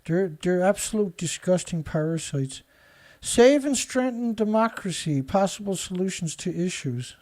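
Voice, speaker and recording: A man's voice: high-pitched, lively intonation, normal speed, darkish tone. A man hosting his own show, reading news headlines aloud and answering them with sarcastic, indignant commentary. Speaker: show host.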